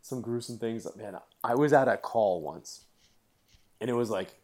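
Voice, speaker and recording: Lower-pitched man telling gritty stories. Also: a little slow. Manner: animated storyteller, swears, laughs while telling. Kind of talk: casual chat.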